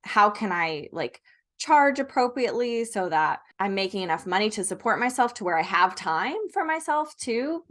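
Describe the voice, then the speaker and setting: A woman hosts a podcast and interviews her guest. She keeps the tone relaxed and conversational, scattering casual fillers through her speech as she asks open questions. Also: medium pitch, normal speed. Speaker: podcast host.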